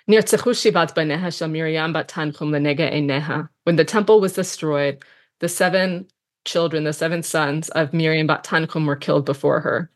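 A woman teaching a text study lesson, reading passages aloud and translating them line by line, then musing on them with fillers. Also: low-pitched.

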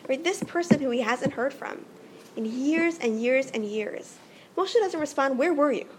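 A woman with a high-pitched voice giving an earnest religious lesson, explaining step by step and checking in with her listeners. A faint hum of room noise runs underneath. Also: expressive, a little slow. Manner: earnest, explanatory, frequent "right?" check-ins. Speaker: teacher. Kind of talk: religious teaching talk.

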